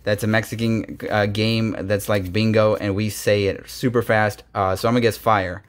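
A young man hosting a casual card-opening video, chatty and slangy, quick to get excited. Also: lowish voice. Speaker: card-opening channel host.

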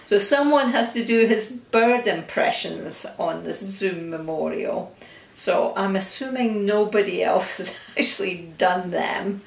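Older woman, gravelly and roomy. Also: on the low side. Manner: fond, gently humorous, often breaks into laughter. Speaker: friend giving a memorial tribute. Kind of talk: recorded video message. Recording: roomy, from a distance.

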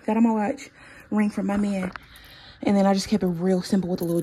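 Young woman vlogger, casual slangy chatter with lots of "like"s, mid-pitched, steady car noise behind. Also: quick pace, low-quality recording. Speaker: lifestyle vlogger. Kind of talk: casual vlog chat.

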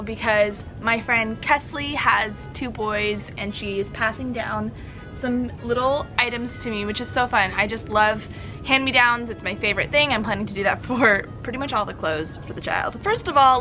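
A woman's voice: fairly high pitch, normal speed, music in the background. A young woman vlogging in a casual, chatty way, laughing often and a little out of breath. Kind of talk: casual chat to camera.

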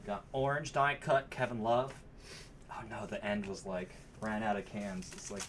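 A man's voice: fairly low pitch, steady tone, measured pace, background noise. A man hosting a card break, chatting casually and calling out cards between stories. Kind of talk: casual chat while opening card packs.

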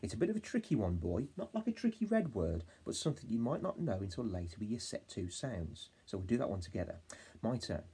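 A man with an English accent teaching a phonics lesson to young children, encouraging them and sounding out words slowly. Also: on the low side, big pitch swings, mellow, breathy edge. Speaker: reception class teacher.

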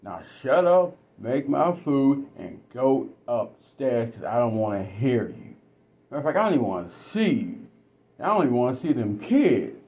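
A man's voice: medium pitch, sing-song, moderate pace, creaky, darkish tone. A man voicing a cold, domineering husband who talks down to his wife with contempt. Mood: contemptuous. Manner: sneering, contemptuous. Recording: dull lo-fi recording.

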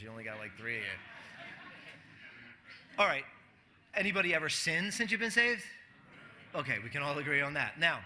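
A man's voice: fairly high pitch, bright, forceful tone. A man preaching a sermon to a church congregation in a conversational way, asking the room questions and acting out quotes. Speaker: pastor.

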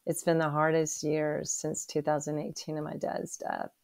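A woman's voice: sits low, monotone, normal speed, vocal fry, darkish tone. A woman in her sixties telling her personal faith story as an interview guest, earnest and emotional, with frequent restarts. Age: 60s.

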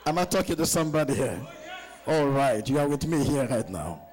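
A man preaching a sermon at a church conference, urging the congregation to answer him back and reading scripture slowly and deliberately. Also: medium pitch, big pitch swings, darkish tone, rough recording. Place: church conference, captured live.

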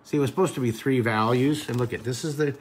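A man's voice: mid-range voice, fast talker, breathy edge. A middle-aged man teaching drawing, telling a rambling anecdote with many fillers and restarts while he sketches. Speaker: drawing instructor. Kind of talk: casual storytelling during a drawing lesson.

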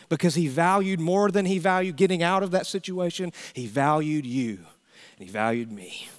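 Man preaching with big dynamic swings. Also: medium pitch. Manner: dynamic preaching, swinging from loud emphatic calls to hushed near-whispers. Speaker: pastor. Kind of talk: sermon.

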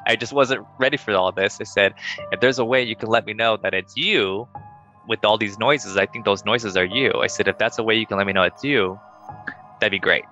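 A young man casually telling a ghost story to friends, animated and acting out the voices he quotes. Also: fairly quick, lo-fi sound, soft background music. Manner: animated, acts out quoted voices in higher pitch.

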